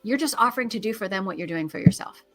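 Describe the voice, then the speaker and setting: A woman's voice: mid-range voice, animated, fast, a bit bright, soft background music. A woman podcast guest who talks earnestly and encouragingly while giving practical advice as a grief educator. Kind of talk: conversational advice.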